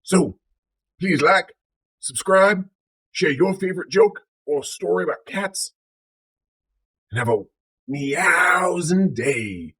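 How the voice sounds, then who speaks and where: A man's voice: high voice, expressive, slow pace, long pauses, slightly rough. A man with a Southern US accent casually telling funny stories and jokes, playfully acting out sounds. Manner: playful, acts out sounds like purring. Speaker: storyteller. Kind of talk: casual story time and joke telling.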